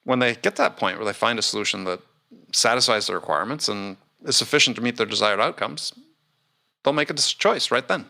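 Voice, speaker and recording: Podcast host guy, gravelly voice, bright and a bit tense, measured explainer. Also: mid-range voice. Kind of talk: conversational interview.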